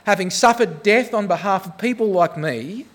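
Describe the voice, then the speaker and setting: Humorous pastor preaching. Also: male voice, sits high, expressive, moderate pace. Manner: humorous, self-deprecating storytelling. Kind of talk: sermon.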